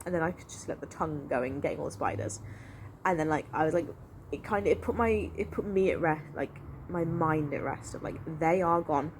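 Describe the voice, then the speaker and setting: A woman's voice: deep voice, fairly quick, a little hiss or hum. A young woman, telling a long personal story casually and in a rambling way, full of fillers. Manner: rambling, animated, lots of fillers and "I was like". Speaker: vlogger.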